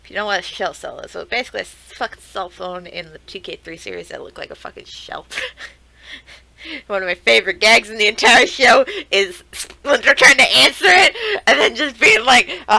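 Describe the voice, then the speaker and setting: A young woman streamer giving casual, excitable reaction commentary, swearing and laughing as she talks to the screen. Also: a little high, a little fast, vocal fry, slight background noise, low-quality recording.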